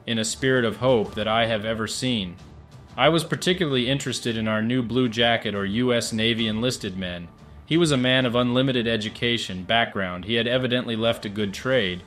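A man's voice: mid-range voice, fairly bright tone. A middle-aged man giving a plain, matter-of-fact spoken recollection of his wartime service, rambling a little and restarting his sentences. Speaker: wartime filmmaker giving a firsthand account.

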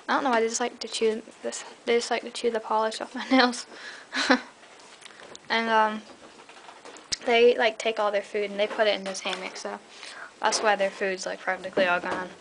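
A tired young woman rambling through a casual tour of her pets' cages at home, filled with fillers. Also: background noise. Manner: rambling, chatty, many fillers; high coaxing voice when calling her pets. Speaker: pet vlogger. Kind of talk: casual pet cage tour. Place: indoor room at home. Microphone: handheld camera mic.

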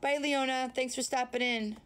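A woman's voice: sits high, fairly even intonation, moderate pace, a bit bright, smooth, faint music behind. A woman hosting a casual phone livestream from home at night, chatty and teasing as she answers viewers' comments. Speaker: livestream host. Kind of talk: casual live chat with viewers.

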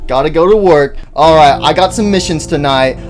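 A young man hosting a horror game let's-play, rambling and jittery, who bursts into high-pitched panicked yelling. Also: normal speed. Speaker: gaming channel host.

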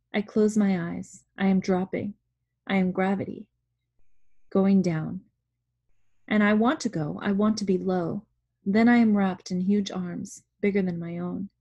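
Slow, husky woman reading aloud. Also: medium pitch, warm tone. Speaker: audiobook reader.

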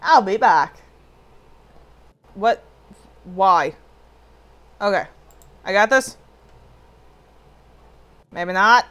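A woman's voice: medium pitch, expressive, extremely slow, pauses often, a bit bright. A woman casually commenting as she plays a puzzle game, talking back at the screen with jokey frustration. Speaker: gameplay streamer. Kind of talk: casual let's play commentary.

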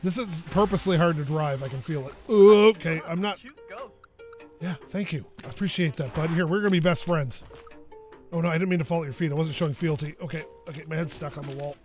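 A man with a high, light voice gives playful let's-play commentary. He rambles, jokes and yelps in sudden bursts. Clear game music plays behind him. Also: a little fast. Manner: excitable and jokey, yelps and rambles. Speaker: gaming YouTuber.

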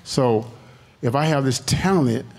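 A man from the congregation giving a personal testimony in animated, colloquial storytelling. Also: mid-range voice, measured pace, creaky. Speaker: congregation member.

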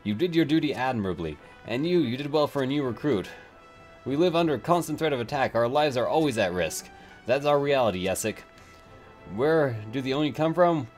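A man's voice: mid-range voice, darkish tone, close to an everyday voice. A man reading aloud the lines of a stern male village captain in a game, with formal, dutiful delivery.

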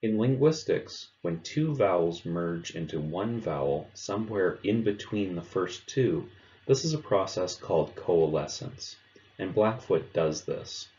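A man narrating a pronunciation lesson, explaining sounds in a clear, measured way. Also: sits low, animated, dark tone, muffled recording. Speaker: language teacher. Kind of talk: instructional narration.

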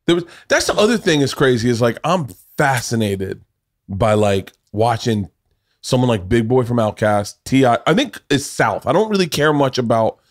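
A man's voice: mid-range voice, animated, normal speed. A man from the Southern US hosting a podcast, chatting in a rambling, enthusiastic way and swearing casually. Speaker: podcast host.

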